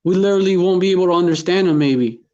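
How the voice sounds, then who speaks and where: A man with a high voice talks casually and animatedly, full of slang. The recording is somewhat muffled. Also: very fast, mellow. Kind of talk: casual chat.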